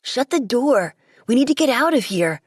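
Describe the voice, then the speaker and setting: A woman's voice: mid-range voice, animated, a little slow, darkish tone, breathy edge, no echo, studio quality. A woman voicing a sulky, scared twelve-year-old boy who mutters and grumbles tensely.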